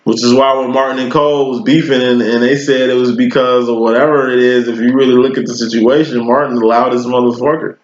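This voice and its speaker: A man's voice: medium pitch, fairly even intonation, quick pace, few pauses. Man giving a slangy tarot reading. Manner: loose, slangy and profane, with rambling analogies. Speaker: tarot reader. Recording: roomy, dull lo-fi recording.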